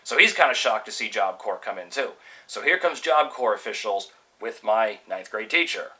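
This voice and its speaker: A man from California telling a personal story casually, animated and swearing freely as he acts out the people in it. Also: lowish voice, moderate pace, poor audio. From California, USA.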